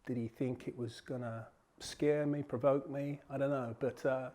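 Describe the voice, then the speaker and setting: A man's voice: mid-range voice, fairly even intonation, normal speed, warm tone. A man in his sixties from Surrey, England, telling stories from his childhood in an interview, in a reflective way. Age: 60s. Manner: reflective, storytelling.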